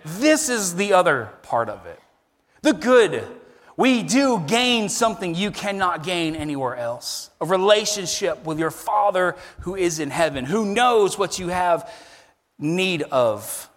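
Lively preaching man in a reverberant hall. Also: high voice, unhurried. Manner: animated preaching with emphatic rises. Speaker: pastor. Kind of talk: sermon.

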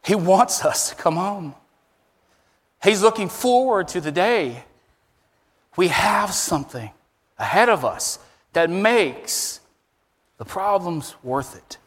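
A man preaching a sermon as pastor, emphatic and animated, his voice rising high on key words. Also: slow pace, long pauses, long reverb tail.

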